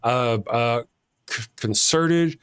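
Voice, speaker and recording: A man's voice: mid-range voice, extremely slow, fairly bright tone, smooth. A man hosting a casual political chat show. He rambles and often restarts his sentences. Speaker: podcast host.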